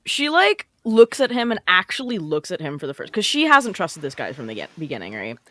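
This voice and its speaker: A woman playing a tabletop game, talking in an animated, filler-heavy way. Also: fairly low pitch, a little fast, no room sound. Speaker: player.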